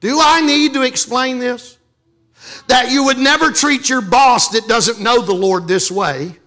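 A man's voice: very high voice, a little slow, sharp tone, soft background music. A man from Louisiana preaching a sermon as pastor, joking and calling on the congregation to respond. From Louisiana, USA.

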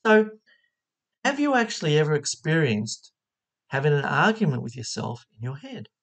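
A spiritual teacher giving a motivational talk, expressive and asking the listener questions. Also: mid-range voice, moderate pace, gravelly.

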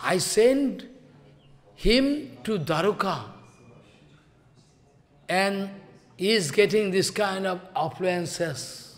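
A man giving a devotional sermon, telling a story slowly and chanting verses in between. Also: sits high, lively intonation, in a large hall. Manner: slow storytelling, repeating phrases, chanting verses. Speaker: spiritual teacher.

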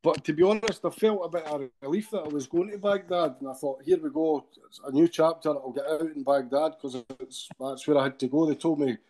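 A man's voice: fairly high pitch, brisk, darkish tone. A middle-aged Scottish man with a Scottish accent, a podcast guest telling a long story in a rambling way, dropping "eh?" at the end of his sentences. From Scotland. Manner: rambling retelling with frequent tag questions.

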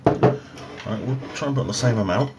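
A man's voice: mid-range voice, moderate pace. A man doing a casual food review vlog at home in a dry, offhand, self-mocking way, recorded on an overhead phone. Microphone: overhead phone camera. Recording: faint room noise, phone audio.

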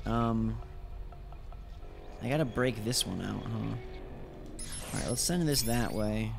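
Gravelly-voiced man narrating his gameplay. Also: on the low side, slow pace, pauses often, soft background music. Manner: chatty, thinking aloud while playing. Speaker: gameplay commentator. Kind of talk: casual gameplay commentary.

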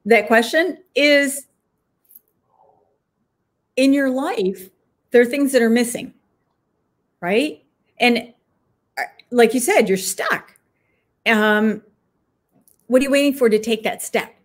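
A woman's voice: fairly high pitch, slow pace, pauses often. A woman, an author and guest, answering interview questions reflectively and thinking aloud with frequent fillers.

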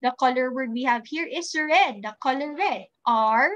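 A woman teaching a recorded preschool class, speaking slowly and clearly and spelling out letters for young children. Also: high-pitched, a bit bright, highs cut off. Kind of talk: recorded online class instruction.

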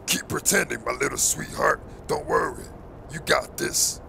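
Man voicing a beaten-up dad, gravelly, weary, grumbling, bright tone. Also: a little high, normal speed, a little hiss or hum, heavily acted. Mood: groggy. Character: groggy beaten-up scheming dad. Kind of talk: comedy skit voice acting.

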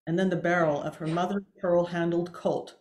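A woman author reading a tense scene from her own novel aloud, measured and expressive, with occasional small slips. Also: fairly low pitch, echoey room.

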